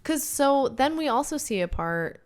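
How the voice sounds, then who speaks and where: A woman's voice: sits high, sing-song, normal speed. A woman co-hosting a podcast, retelling movie scenes and acting out the characters' lines. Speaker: podcast co-host. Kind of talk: casual movie review chat.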